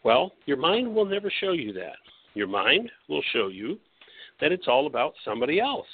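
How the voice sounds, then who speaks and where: A man's voice: fairly high pitch, very animated, normal speed, husky, no echo. A man hosting a radio talk show, lecturing in a teacherly way and posing rhetorical questions he then answers. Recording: tinny phone-like line, dry.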